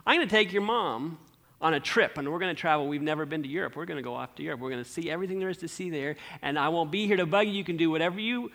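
A preacher voicing a stern older farmer father who speaks in a measured, firm way. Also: on the high side. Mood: plain. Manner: measured, firm, quietly disapproving.

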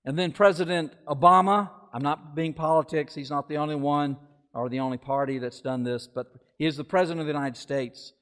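A man preaching a sermon in a conversational way, with asides and quick self-corrections. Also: on the high side, fairly bright tone, in a large hall.

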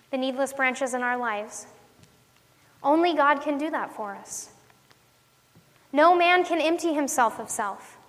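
A woman's voice: high-pitched, pushed and bright. A woman giving an earnest devotional sermon in a conversational way, asking her listeners questions as she teaches. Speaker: ministry teacher. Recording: long hall reverb.

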